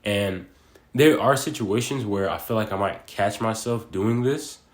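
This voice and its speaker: Casting: young guy in his twenties, deep low voice, loose slangy rambling vlog talk. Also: a little slow, roomy sound. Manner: rambling, slangy, full of fillers like "bro" and "like". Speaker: vlogger. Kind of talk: casual monologue.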